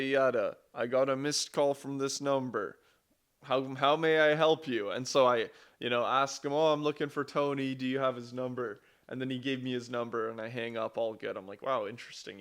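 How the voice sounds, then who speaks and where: A young man talking casually in a vlog about his business, rambling and swearing, with frequent restarts. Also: mid-range voice. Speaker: vlogger, entrepreneur.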